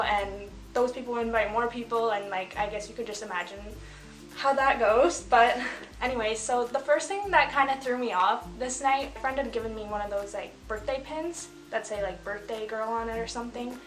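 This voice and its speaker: A woman's voice: fairly high pitch, moderate pace. A woman in her twenties casually telling a story, chatty and full of fillers, often laughing as she talks. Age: 20s. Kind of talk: casual story time chat. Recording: echoey room with faint music.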